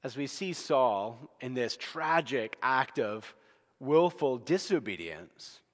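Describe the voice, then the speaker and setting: A man's voice: medium pitch, slow. Earnest male pastor in a reverberant church. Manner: earnest, expressive, swings between loud and hushed. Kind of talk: evening sermon. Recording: long reverb.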